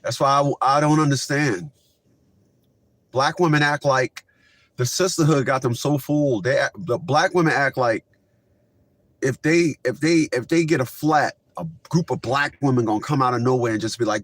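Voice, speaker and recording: A man's voice: mid-range voice, normal speed, no echo. Ranting male commentary host. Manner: animated, rising to shouts when worked up. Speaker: commentary host reacting to clips.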